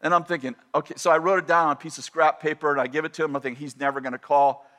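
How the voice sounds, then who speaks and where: A man telling a personal story in a sermon, animated and self-interrupting, often repeating and restarting his phrases. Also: fairly high pitch, rapid-fire.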